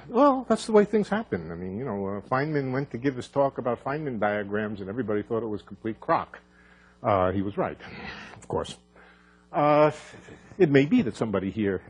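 A man's voice: mid-range voice, breathy edge. A man giving an unscripted conference talk on physics, thinking aloud with fillers and restarts and dropping dry asides. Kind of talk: live conference lecture, unscripted.

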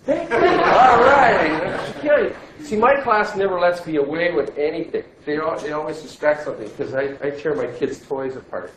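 Lively joking male physics teacher. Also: on the high side, brisk, few pauses. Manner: lively, joking, quizzes students. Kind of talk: classroom lecture. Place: classroom. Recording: echoey classroom, faint noise.

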